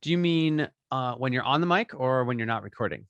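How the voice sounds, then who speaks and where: A man's voice: mid-range voice, expressive, a little fast, fairly bright tone, no room sound, lo-fi sound. A man as a podcaster guest, giving upbeat, chatty advice and tagging his points with "right?". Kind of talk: casual interview advice.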